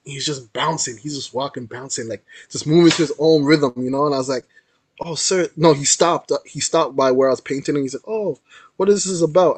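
A man's voice: a little high, no room sound. A young man, a guest artist, telling a story in a casual, slangy interview style. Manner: animated storyteller, slangy with frequent "yo" and "like".

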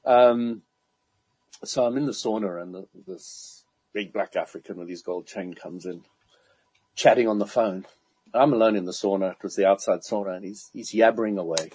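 In casual conversation, a man with a lowish, husky voice tells an anecdote at a normal speed, and the recording has no echo. He's animated, laughs often, and acts out the people he quotes.

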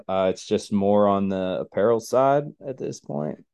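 A man hosting a casual chat, halting and repeating words, with a joking streak. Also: on the low side, darkish tone, clear, resonant tone.

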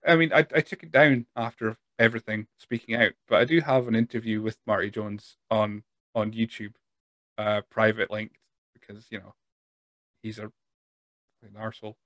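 A man's voice: fairly low pitch, fairly even intonation, normal speed, fairly bright tone, no room sound. A Scottish man hosting a podcast in casual chat, laughing often and trailing off into restarts. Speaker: podcast host.

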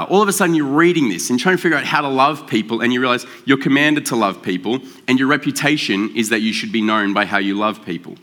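A man preaching a sermon in a relaxed, joking, conversational way, slowing down to stress key words. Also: mid-range voice. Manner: conversational and joking, with drawn-out emphasis. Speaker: pastor. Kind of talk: casual sermon.

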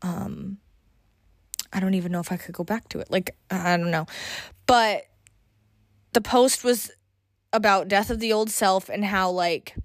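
A woman's voice: mid-range voice, unhurried, pauses often, dry recording, studio quality. Emotional woman confiding on a podcast. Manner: emotional, confessional, swearing casually. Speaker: podcast host. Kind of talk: personal monologue podcast.

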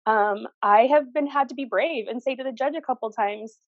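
Earnest woman, slightly high voice. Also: normal speed, no room sound, narrow, tinny audio. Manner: earnest, emphatic, repeats phrases for stress. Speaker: podcast guest. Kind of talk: personal storytelling interview.

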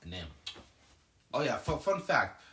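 Young guy rambling with his friends, stumbles over his words a lot, bright voice that jumps all over, echoey room. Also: medium pitch, sing-song, slow pace. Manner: stammering, repeats words at the start of lines. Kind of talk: casual chat among friends. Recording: roomy echo.

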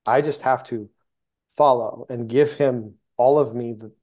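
A man's voice: mid-range voice, fairly even intonation, unhurried, a little mellow. A man who is a guest on a faith podcast, talking earnestly and casually and often restarting his sentences as he looks for words.

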